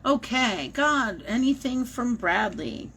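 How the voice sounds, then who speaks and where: A woman's voice: a little high, animated, takes it slowly, fairly bright tone, slight background noise, poor audio. A woman talking casually and animatedly as a medium in a live-streamed reading, swearing now and then. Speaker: psychic medium.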